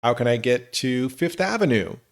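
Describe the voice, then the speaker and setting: A man teaching English, reading example questions slowly and clearly for learners. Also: medium pitch, expressive. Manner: slow, clear model phrases for learners. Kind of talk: scripted lesson narration.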